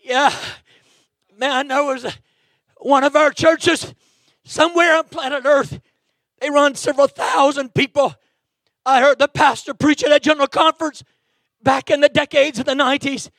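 High-pitched fervent male preacher. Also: fairly even intonation, moderate pace, vocal fry, long pauses, dry recording, studio quality. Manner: fervent, bursts into shouting, peppers lines with "amen". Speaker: guest preacher. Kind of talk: impassioned sermon. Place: church sanctuary.

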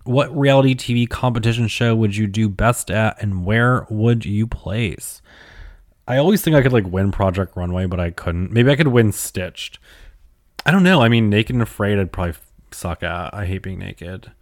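Young male podcast host, lowish voice, dry close sound, chatty and sweary. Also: normal speed, dry recording. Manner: chatty, profane, opinionated, rambling. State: tired late at night. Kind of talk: solo podcast answering listener questions.

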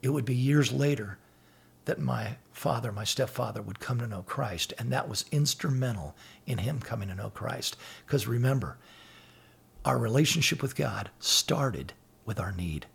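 A middle-aged man with a gravelly, rough-edged voice tells personal stories in an earnest, conversational way. He quotes scripture and acts out both sides of old conversations. His pitch sits in an ordinary middle range. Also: lively intonation, normal speed. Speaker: podcast guest sharing faith stories. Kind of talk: casual faith talk.

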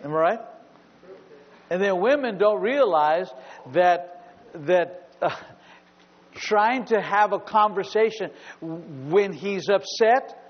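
A man's voice: sits high, animated, slow. A middle-aged male pastor preaching a sermon with humor, acting out little scenes in asides. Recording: dull sound with long hall reverb.

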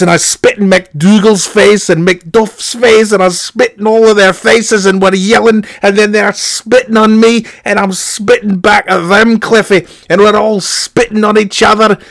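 A man's voice: high-pitched, no room sound. A man putting on a crude ranting Scottish uncle. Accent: put-on Scottish. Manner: shouty, rambling, repeats the nephew's name constantly. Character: crude angry old Scottish uncle on a voicemail. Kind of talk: comedy podcast bit.

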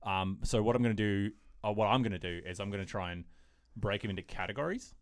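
Excitable male podcast host, low voice, dry recording. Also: fast talker, dry recording. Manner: excitable, restarts often, rambling. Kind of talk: casual chat.

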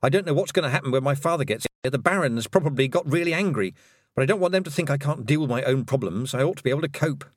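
A man doing a sensible young girl who speaks softly and earnestly in a lifted voice, her pitch moving up and down. The storybook voice is close and dry. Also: animated, quick pace, no echo, close to an everyday voice.

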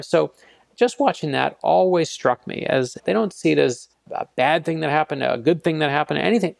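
Gravelly man telling stories animatedly. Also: fairly high pitch, brisk, dry recording. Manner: animated storyteller acting out dialogue. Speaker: author guest. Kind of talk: storytelling interview answers.

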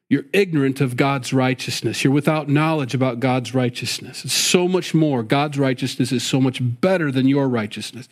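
A middle-aged man delivering a sermon at a mid pitch. His manner is folksy and conversational, full of asides and casual interjections. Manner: folksy, conversational, frequent "you know" and "boy". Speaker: pastor.

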